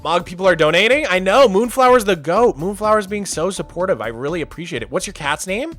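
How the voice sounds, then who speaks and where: A man chatting casually on a game livestream, answering viewers' questions and thanking donors in a bright, clear voice. His pitch is a touch high for a man and swings a lot as he talks. Faint music plays underneath. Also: lively intonation, a little fast. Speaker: streamer.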